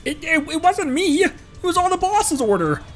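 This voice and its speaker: A man doing a shrill, cowering thug. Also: fast, soft background music, close to an everyday voice. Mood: panicked. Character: cowering male thug begging for mercy.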